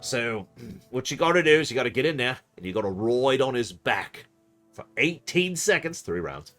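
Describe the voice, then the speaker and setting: A man voicing a boastful male goblin villager, drawling out a dare slowly and loudly. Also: medium pitch, big pitch swings, soft background music.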